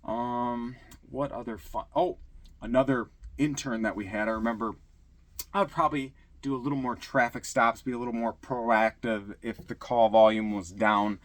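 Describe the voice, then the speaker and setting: A middle-aged former police officer from Michigan telling casual stories, acting out quotes with a raised voice. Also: male voice, mid-range voice, moderate pace, dry recording. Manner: animated, acts out shouted quotes in a raised voice. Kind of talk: casual storytelling.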